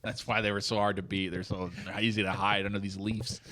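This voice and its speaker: A young adult man, a podcast guest, chatting casually, animated and laughing often as he mimics people. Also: fairly low pitch, fairly quick, a crowd in the background. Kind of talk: casual chat.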